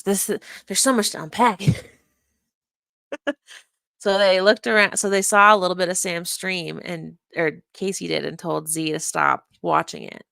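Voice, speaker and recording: A woman's voice: fairly low pitch, vocal fry, a bit bright, dry recording. A woman casually commenting while watching a past live stream, thinking aloud and unpacking what happened. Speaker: stream reviewer.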